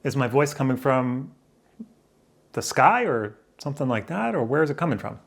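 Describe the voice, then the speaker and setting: A very animated man with a creaky, mid-range voice vlogs at a normal speed, indoors by a window. Facing the camera, he meanders through his thoughts in a casual monologue, repeatedly questioning himself.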